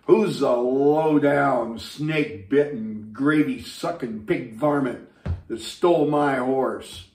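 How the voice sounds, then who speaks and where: A man's voice: medium pitch, slow, a little mellow, reverberant. A man doing a menacing old cowboy drawl. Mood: angry. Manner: drawling, threatening.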